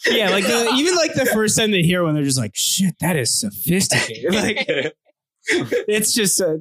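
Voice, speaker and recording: A man's voice: high voice, sing-song, moderate pace, a bit bright. A man giving enthusiastic, loose notes on a comedy sketch.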